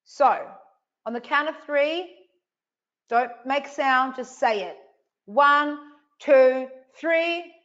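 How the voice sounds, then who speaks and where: A woman's voice: high voice, very slow, fairly bright tone, dull audio. A woman hosting a live online coaching session, emphatic and repetitive, swearing casually as she speaks to viewers. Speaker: online event host.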